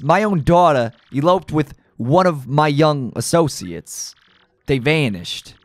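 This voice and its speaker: A man voicing a gruff, domineering mob boss in a video game playthrough, talking tough in a gangster manner. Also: on the high side, dry recording, clean studio sound, pitched above the performer's own voice. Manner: tough-guy gangster talk, clipped threats. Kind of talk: let's play voice acting.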